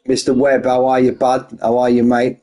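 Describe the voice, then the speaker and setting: A man's voice: medium pitch, completely flat delivery, normal speed, dark tone. A man hosting an online racing league stream, chatting casually and greeting viewers one by one as mates. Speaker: race league host.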